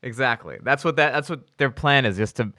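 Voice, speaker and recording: A comedian telling a story in casual podcast chat, acting out the other people's voices with big jumps in pitch. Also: male voice, lively intonation, a little fast, sharp tone, no room sound. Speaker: comedian guest.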